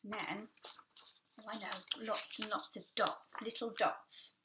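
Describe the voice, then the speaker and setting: A young woman teaching a nursery music lesson, talking gently and making playful vocal sounds. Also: mid-range voice, steady tone, measured pace, heavy background noise.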